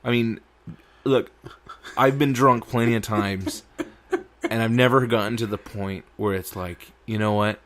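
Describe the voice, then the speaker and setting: A man's voice: mid-range voice, unhurried, pauses often, fairly bright tone. A man hosting a casual podcast, rambling and swearing as he reads a news story aloud with his own asides. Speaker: podcast host.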